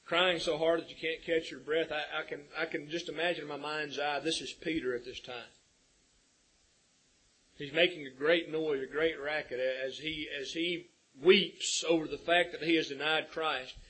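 A man delivers a sermon in a husky, slightly high voice. He talks earnestly and climbs to emphatic peaks as he drives each point home. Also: fairly even intonation, normal speed, pushed and bright, poor audio. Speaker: preacher.

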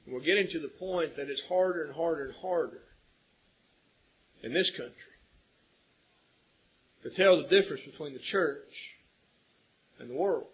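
A man preaching a sermon, asking rhetorical questions and building to loud emphasis with a husky voice. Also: fairly high pitch, moderate pace, pauses often, low-quality recording. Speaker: pastor.

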